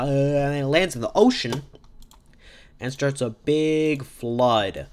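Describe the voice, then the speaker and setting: A man's voice: mid-range voice, slow, clear, resonant tone. Rambling man improvising a silly story. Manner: rambling, silly, self-correcting. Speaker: podcast host.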